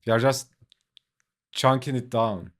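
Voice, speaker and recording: Non-native English-speaking man, mid-pitched, slow drawl, chatty and profane, for a casual streamer anecdote. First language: not English. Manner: laid-back, leans on "like", swears, laughs often. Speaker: artist streaming while drawing a comic. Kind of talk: casual storytelling.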